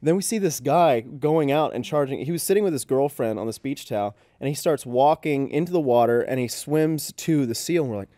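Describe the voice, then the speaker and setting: A man's voice: medium pitch, lively intonation, a little fast, few pauses, mellow, dry recording, clean studio sound. A man in casual chat with friends, recounting a beach story in a laid-back way with casual swearing.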